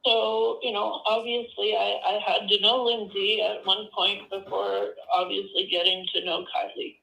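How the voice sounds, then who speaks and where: A woman speaking haltingly and emotionally in a played-back clip, often pausing and apologizing. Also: medium pitch, level tone, gravelly, bright, forceful tone. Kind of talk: emotional personal statement. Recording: roomy echoey clip.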